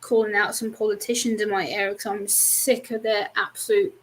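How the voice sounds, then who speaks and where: A woman's voice: mid-range voice, flat delivery, fairly quick, poor audio. A woman guest on a casual live-stream chat, speaking candidly and frankly with easy laughs.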